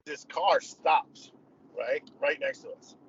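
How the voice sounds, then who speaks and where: A man's voice: on the high side, huge pitch swings, takes it slowly. A man, rambling, laughing, casual chat, slightly dull audio, faint noise. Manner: rambling storyteller, laughs often. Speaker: guest.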